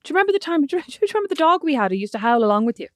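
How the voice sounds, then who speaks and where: A woman's voice: high voice, rapid-fire, dry recording, studio quality. A woman co-hosting a podcast, chatting casually with her sister and teasing her while she tells stories. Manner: lively teasing storyteller. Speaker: podcast co-host. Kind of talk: casual chat between sisters.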